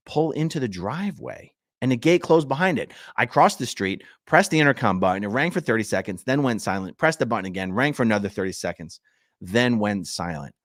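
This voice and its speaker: A man's voice: mid-range voice, dry recording, studio quality. A man hosting his channel, reading legal documents aloud and stopping for chatty asides to his viewers. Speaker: channel host.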